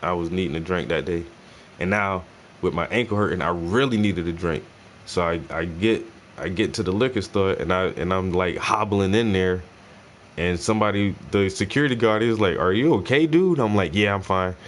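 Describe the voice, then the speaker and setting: A man telling a story in casual, profane slang while he paints, his delivery animated and loose. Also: low voice, normal speed, a little hiss or hum. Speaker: painting stream host.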